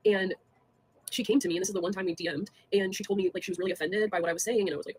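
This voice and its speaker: A young woman on a casual livestream, talking fast with lots of fillers, scornful and laughing between jabs at people. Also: lowish voice, steady tone, darkish tone, breathy edge.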